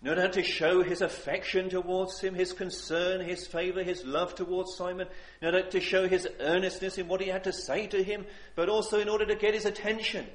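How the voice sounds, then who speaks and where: An earnest man preaching, pleading with his listeners and repeating phrases to press them home. His voice sits a little higher than most men's. The sound is roomy and echoey, as in a church hall. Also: level tone, fairly quick, few pauses. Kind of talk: sermon.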